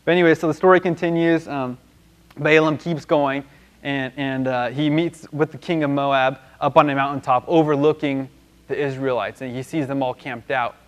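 A man's voice: medium pitch, steady tone, normal speed, smooth. A man teaching a Bible lesson in a loose, conversational way, with many restarts and fillers.

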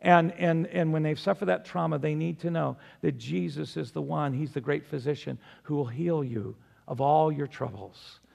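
An older man preaching a sermon as pastor, emphatic, swinging between loud declarations and soft appeals. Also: a little high, normal speed, creaky, few pauses, in a large hall.

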